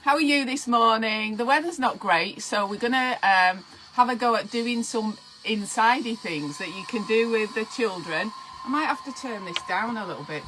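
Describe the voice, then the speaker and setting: A woman's voice: fairly high pitch, moderate pace, fairly bright tone, slight background noise, low-quality recording. A woman hosting a casual live stream, chatty and giddy, fussing over her pets between greetings to viewers. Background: faint Halloween music.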